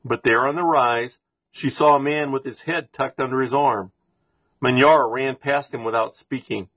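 Man reading a storybook aloud: husky, steady, expressive, dry close recording. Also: medium pitch, moderate pace, no echo. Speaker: reader.

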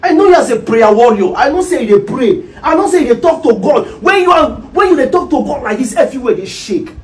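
A woman's voice: sits high, big pitch swings, a little fast, a little mellow, low-quality recording. A Nigerian woman acting a devout spouse who kneels and pleads in prayer, repeating phrases in a preachy way. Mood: pleading. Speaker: actor in a comedy skit.

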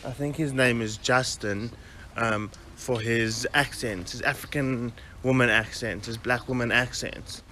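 A man's voice: medium pitch, fairly even intonation, unhurried, pushed and bright, a little hiss or hum. A man hosting a podcast alone, rambling in a blunt, casual way and swearing freely. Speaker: podcast host. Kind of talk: casual solo podcast chat. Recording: echoey room.

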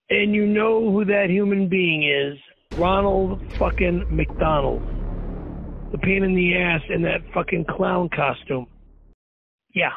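A man's voice: sits high, vocal fry, slightly rough, no echo. A man ranting angrily and profanely in a vlog, telling a story outside a courthouse. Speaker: internet show host. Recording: tinny dry phone-like recording.

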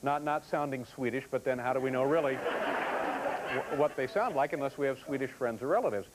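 A man in his forties hosting a late-night talk show, delivering a comedy monologue with wry, deadpan banter in front of a live studio audience. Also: medium pitch, normal speed. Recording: clear studio audience noise.

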